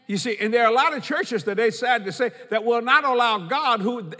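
A man preaching in a church with a high, bright, ringing voice. He drives his points home by repeating lines and reading scripture aloud. The sound carries a long hall reverb. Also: fairly quick. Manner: preaching with emphatic repetition, quoting scripture. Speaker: pastor. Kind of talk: sermon.

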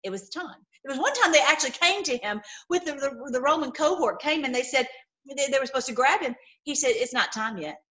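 A woman giving an informal, impassioned sermon, swinging between loud outbursts and low murmurs, with many repeated words. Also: animated, a little fast. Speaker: preacher.

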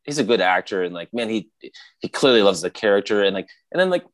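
A man in casual chat, retelling scenes excitedly with frequent laughter. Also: on the low side, quick pace.

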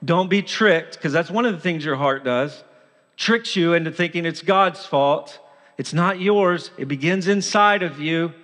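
Pastor, male, fairly high voice, earnest sermon delivery, long hall reverb. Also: a little slow, a bit bright. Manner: earnest preaching, dramatizing the voice of sin. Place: church sanctuary.

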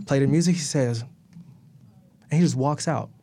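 An animated man in his thirties tells a long backstage story. He laughs often, swears freely and acts out the voices of the people in it. His voice sits at an ordinary middle pitch. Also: normal speed. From Atlanta, US. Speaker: guest. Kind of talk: casual storytelling.

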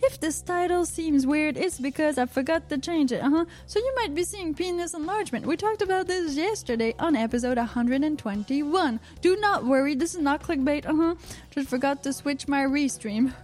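A woman's voice: high voice, moderate pace, darkish tone. A woman hosting a casual solo radio show, rambling and chatty, dropping frequent "uh-huh" and "mm-hmm" fillers.

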